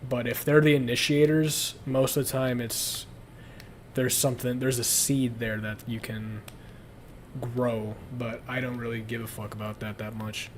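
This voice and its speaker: A man's voice: medium pitch, level tone, unhurried, slight background noise. A young man chatting casually on a livestream, crude and rambling, often breaking into laughter. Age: young adult. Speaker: streamer.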